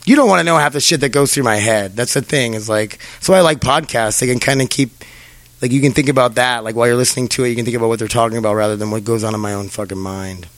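A young podcast host rambles through a casual chat, swearing and laughing often as he talks. His voice is medium-pitched and he talks fast, in a dry recording.

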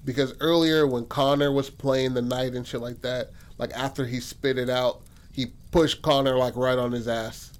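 A man in a middle pitch range, telling a story in a relaxed, rambling way. He swears often and pads his sentences with fillers. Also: moderate pace, clean tone. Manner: profane, rambling, says "like" and "and shit" a lot. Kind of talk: casual spoken storytelling.

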